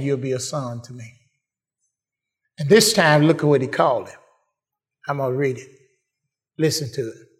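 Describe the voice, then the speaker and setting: A man preaching a sermon, repeating phrases and building to shouted praise. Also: fairly high pitch.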